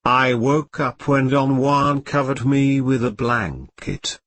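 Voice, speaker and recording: A computer-generated male voice narrating an audiobook in a slow, even reading. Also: mid-range voice, slight background noise.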